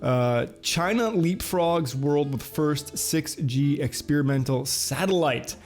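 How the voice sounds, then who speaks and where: A man's voice: on the high side, takes it slowly, darkish tone, soft background music. A man hosting a casual video show, reading headlines and chatting with lots of filler uhs. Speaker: host.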